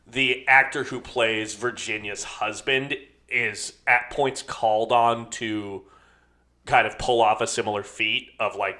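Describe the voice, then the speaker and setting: A man co-hosts a film podcast in relaxed conversation. His voice sits low but comes across bright and forceful. He reasons aloud with hedges and frequent filler words. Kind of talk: casual podcast chat.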